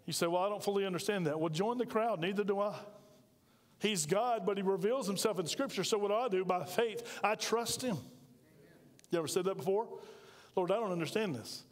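A pastor preaches in a high, ringing voice, folksy and emphatic, tossing questions out to his congregation. His words trail off into the long reverb of a church sanctuary. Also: a little fast. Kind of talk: sermon.

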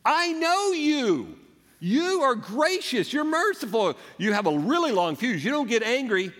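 A man's voice: very high voice, very animated, unhurried, a bit bright, voice pushed up, exaggerated voice. A man voicing an angry, resentful prophet with a strained, pleading voice. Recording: echoey hall.

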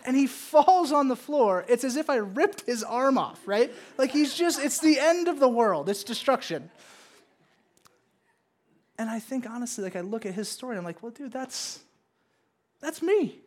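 A man's voice: very high voice, expressive, normal speed. A man in his thirties preaching a casual sermon to a congregation, playfully acting out his kids and God in raised voices. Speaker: pastor. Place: church service with congregation.

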